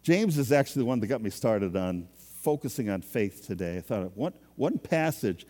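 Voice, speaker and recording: A man's voice: lowish voice, sing-song, normal speed, warm tone, in a large hall. A man preaching a sermon as a pastor, in a conversational, self-deprecating way.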